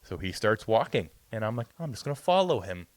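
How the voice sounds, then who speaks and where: A young man co-hosting a podcast, rambling through a profane, animated story in casual chat. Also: on the low side, a little fast, no echo. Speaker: podcast co-host.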